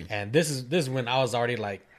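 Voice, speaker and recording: A man's voice: mid-range voice, fast talker. Laid-back young man teasing a friend. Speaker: friend listening. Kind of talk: casual chat.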